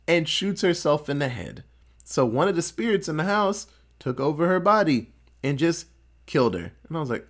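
A man casually recapping a horror film as a podcast host, animated and profane, often laughing. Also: a little high, normal speed.

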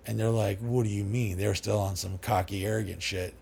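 A man's voice: fairly low pitch, a little fast, gravelly, husky. A middle-aged man, a podcast guest, telling stories in a loose, profane way and acting out what people said. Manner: profane, animated, acts out quoted dialogue. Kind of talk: casual storytelling interview.

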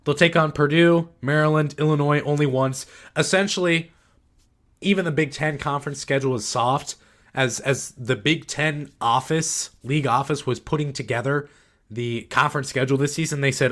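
A man's voice: on the high side, steady tone, moderate pace, a bit bright. A man hosting a sports podcast, giving blunt, sarcastic takes in a casual way with frequent restarts. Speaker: podcast host.

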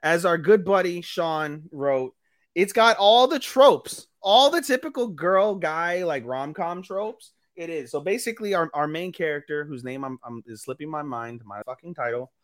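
Excitable high-voiced man recapping anime. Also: normal speed, no echo, studio quality. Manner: profane, rambling, animated recapping with put-on quotes. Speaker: podcast co-host. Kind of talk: casual chat, anime recap.

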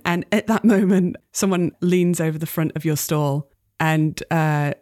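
A woman narrating as game master, relaxed and giggly. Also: low-pitched, measured pace, hardly any pauses, no room sound, studio quality.

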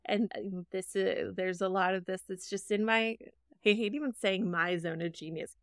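This woman chats on her podcast in a smooth, crisp voice, right up close to a dry mic with no room sound. She talks in a casual, self-deprecating way and laughs easily as she goes. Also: mid-range voice, fairly even intonation, moderate pace, no echo. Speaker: podcast co-host and producer. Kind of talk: casual chat.

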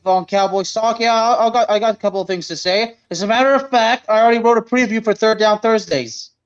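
High-voiced man on dull lo-fi audio. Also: fast, smooth. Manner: stammering, joking banter. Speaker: podcast co-host. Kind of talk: casual sports chat.

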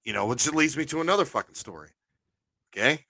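A man co-hosting a podcast, a paranormal investigator chatting casually, animated and telling anecdotes with a swear now and then. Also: medium pitch, a little fast, creaky, dry recording.

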